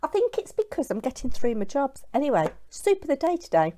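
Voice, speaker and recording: British woman, casual vlog host, chirpy and chatty, very animated pitch. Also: brisk. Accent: British English. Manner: chatty, bubbly, talking while eating. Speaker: craft channel host. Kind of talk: casual chat to camera.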